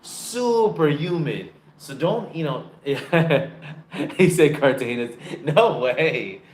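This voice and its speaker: An American man telling travel stories to camera in a loud, profane, animated way, recorded on a phone in a dim room. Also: slow pace, roomy sound. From United States. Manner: loud, profane and animated, with big pitch jumps. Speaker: travel vlogger. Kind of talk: casual storytelling to camera.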